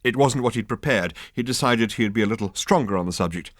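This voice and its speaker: A man's voice: lowish voice, quick pace, few pauses, no echo. A man narrating an audiobook in a dry, wry storytelling manner.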